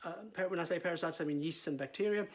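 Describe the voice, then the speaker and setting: A middle-aged man talks casually as a vet, his voice sitting a little high for a man. He stumbles and repeats words, with plenty of "uh" and "um" as he explains. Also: very fast. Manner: chatty, repeats words, many fillers. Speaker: veterinarian.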